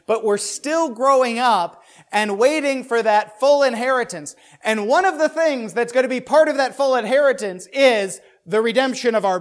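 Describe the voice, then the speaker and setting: A man with a notably high voice teaches a Bible passage in a loose, talky way. He keeps checking in with his listeners and tosses in dry jokes. He often stumbles and repeats words as he works through his thoughts. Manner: keeps checking in with "right?", with joking asides.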